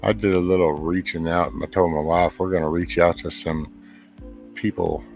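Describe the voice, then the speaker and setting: A man's voice: low voice, steady tone, moderate pace, creaky, faint music behind. A man with a Texan accent chatting casually as host, rambling and clipping his words short. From Texas, USA. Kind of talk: casual chat.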